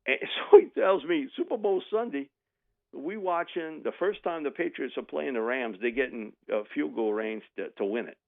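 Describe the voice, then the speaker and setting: A man's voice: mid-range voice, normal speed, vocal fry. A man, telling a sports story on the radio and acting out the people in it. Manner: animated, mimics voices in anecdotes with laughs. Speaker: radio guest. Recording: tinny phone line.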